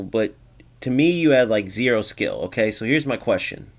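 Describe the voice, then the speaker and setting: A man's voice: lowish voice, expressive, moderate pace. A man hosting a gaming video, giving casual gameplay commentary in a blunt, sarcastic way and talking straight to his viewers.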